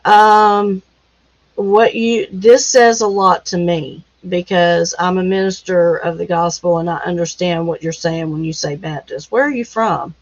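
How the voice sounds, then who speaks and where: Slow, gentle woman minister hosting a chat. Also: lowish voice, little pitch movement. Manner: gentle, consoling, with many pauses and fillers. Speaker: minister and live-stream host. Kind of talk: casual live chat answering viewer comments. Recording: dull lo-fi sound.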